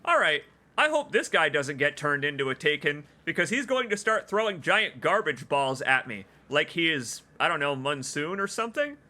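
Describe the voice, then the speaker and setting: A young adult man streaming a game with excitable, emotional live commentary. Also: a little high, moderate pace.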